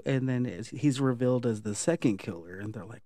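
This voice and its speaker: A man casually retelling a horror movie plot, swearing freely and acting out quick lines of dialogue. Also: medium pitch, darkish tone, no echo, clean studio sound. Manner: profane, laid-back retelling with quick acted quotes. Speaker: movie recap vlogger.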